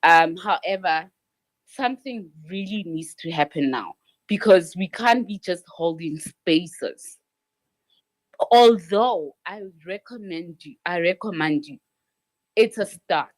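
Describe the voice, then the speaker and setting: A woman's voice: lowish voice, expressive, takes it slowly. A woman speaking up in a live audio chat room, frustrated and pleading, often repeating herself. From South Africa. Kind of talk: emotional spontaneous speech.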